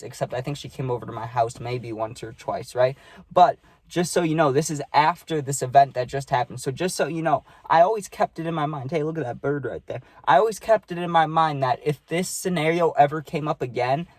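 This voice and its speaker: A young man tells a story in a loose, rambling way and keeps checking in with "right?". His voice sits a little on the high side for a man. The sound is dry and close, with no room echo. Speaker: vlogger. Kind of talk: casual storytime monologue.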